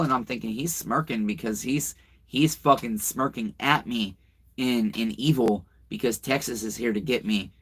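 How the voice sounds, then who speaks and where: With a mid-range voice, vocal fry, and a fairly bright tone, a man hosts a laid-back livestream over slight background noise. He's talkative and profane, reading comments and rambling through a story aimed at his viewers.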